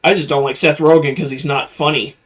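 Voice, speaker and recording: A man's voice: a little high, steady tone, fairly quick, a bit bright. A man co-hosting a casual chat, giving blunt opinions. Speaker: podcast co-host.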